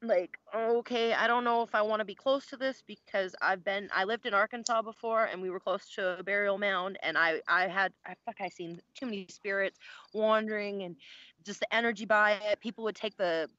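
A woman tells her story in a casual, meandering way, with plenty of swearing and a lot of false starts. Her voice is bright and up close, with a dry sound and a slightly dull, lo-fi quality. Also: mid-range voice, steady tone, moderate pace, dry recording. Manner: profane, rambling, self-interrupting. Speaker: guest sharing a spiritual experience.

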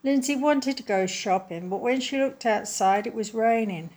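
Woman gently reading a children's story. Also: fairly high pitch, moderate pace.

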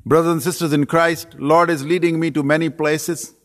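A man's voice: a little high, flat delivery, normal speed. A man who grew up in Pakistan. He preaches an earnest sermon as a guest missionary preacher, stacks phrases in threes and drops dry self-deprecating jokes. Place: church sanctuary. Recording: long reverb of a church sanctuary.

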